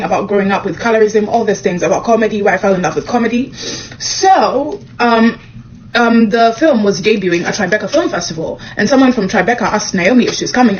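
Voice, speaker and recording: A young woman from Kenya, a comedian, telling a personal story to camera in a casual, animated way, acting out the dialogue. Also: muffled recording, a little hiss or hum. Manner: animated, acts out the dialogue with quick pitch jumps.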